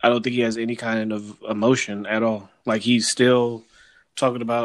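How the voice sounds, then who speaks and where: A man's voice: mid-range voice, flat delivery, normal speed, no room sound, clean studio sound. A man with a mid-range voice chimes in on a casual podcast, blunt and exasperated. He swears freely and talks in short, clipped lines. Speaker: podcast co-host. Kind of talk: casual political chat.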